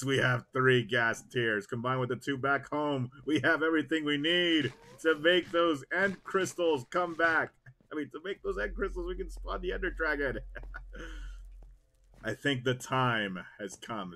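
Bright, excitable young male streamer. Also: a little high, measured pace. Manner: excitable, reactive, jokey. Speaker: game streamer. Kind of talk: live gameplay commentary.

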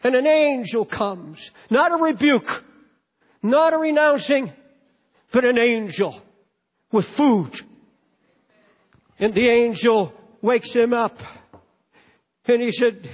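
High-pitched guy preaching hard, repeats himself, echoey hall. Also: slow, pauses often. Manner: impassioned, emphatic, repeats words. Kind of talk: sermon. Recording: echoey hall, dull lo-fi sound.

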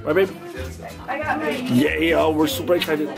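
A young man chatting excitedly to his viewers in a casual vlog. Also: on the high side, a little slow, creaky, over loud music. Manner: upbeat, chatty, talks to the viewers. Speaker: vlogger.

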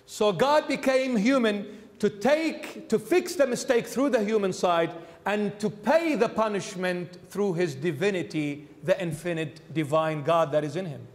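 A man, a bishop, preaching a sermon emphatically, repeating key phrases and dropping suddenly to a hush. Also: sits high, unhurried, hardly any pauses, in a large hall.

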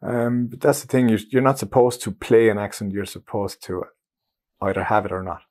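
A man's voice: medium pitch, darkish tone. German man with an Irish accent. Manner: chatty, self-mocking, searches for words. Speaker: interviewee, musician. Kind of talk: casual documentary interview.

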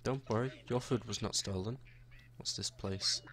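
A man's voice: lowish voice, normal speed, fairly bright tone. A young man narrating his own gameplay in a chatty, jokey way, talking to the characters he meets. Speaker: gaming YouTuber. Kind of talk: let's-play commentary.

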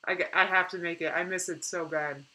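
A young woman chatting casually on a live stream, reading out viewer comments in an animated way and laughing often. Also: fairly low pitch, a little fast, a little hiss or hum, low-quality recording.

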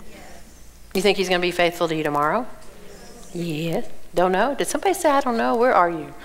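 A woman's voice: lowish voice, fast, a crowd in the background. A woman with a Southern US accent, teaching the Bible to a women's conference and asking the audience questions. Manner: animated, asks the audience questions. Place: church auditorium.

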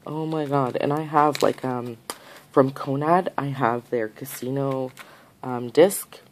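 A woman's voice: very deep voice, slow, a little hiss or hum, rough recording. A woman vlogger chatting casually through a haul on camera, gushing over each item and repeating her praise. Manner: talks straight to the camera and the sender. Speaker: nail art vlogger. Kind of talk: casual haul unboxing chat.

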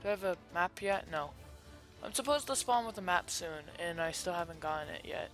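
A YouTuber giving chatty, rambling commentary over a pirate game, with sudden loud excited outbursts. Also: mid-range voice, brisk, soft background music. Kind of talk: gameplay commentary.

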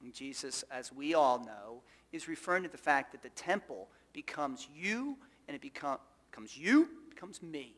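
A man's voice: a little high, lively intonation, normal speed, few pauses, fairly bright tone. Guy preaching a sermon, fires questions at the pews, echoey church. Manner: emphatic, asks the congregation rhetorical questions. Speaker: pastor. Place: church sanctuary.

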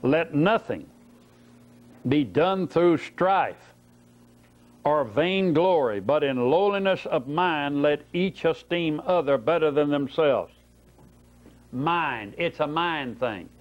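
A man's voice: a little high, animated, slow. A man preaching a Bible-study sermon, telling folksy stories and asking rhetorical questions. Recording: dull lo-fi tape recording.

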